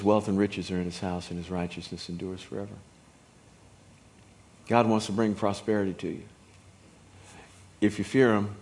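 A man in his fifties preaching a sermon in an emphatic, folksy way that rises to shouts. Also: fairly low pitch. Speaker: pastor.

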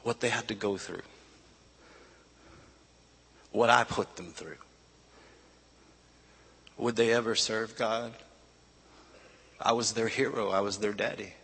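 A man preaching a sermon, telling his own story in a confessional way that builds to loud, shouted preaching. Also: lowish voice, fairly even intonation, takes it slowly, pauses often, breathy edge. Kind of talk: sermon testimony.

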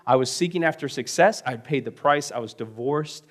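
A middle-aged man preaching a sermon, telling a personal story and acting out the voices he quotes, swinging from loud to hushed. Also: mid-range voice, brisk. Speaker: pastor.

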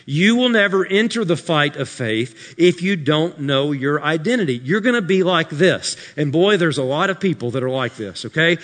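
A man preaches with a bright, forceful voice that climbs into shouted declarations and then falls to dry, sarcastic asides. His voice sits a little high and rings with a long reverb, as if he is recorded live in a large church sanctuary. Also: expressive, moderate pace, few pauses. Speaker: pastor. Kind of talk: sermon. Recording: live sermon in a reverberant hall.

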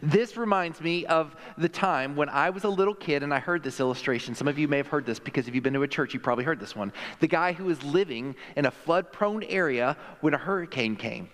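A man's voice: fairly high pitch, brisk, hardly any pauses, a bit bright. A male pastor preaching a sermon in a conversational, emphatic way, acting out quotes in the stories he tells. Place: church sanctuary. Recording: long hall reverb.

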